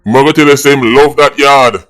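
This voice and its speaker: A man's voice: medium pitch, steady tone, brisk, a bit bright, soft background music. A man with a Jamaican accent hosting an opinionated commentary vlog, indignant and slipping between patois and English. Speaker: vlogger host.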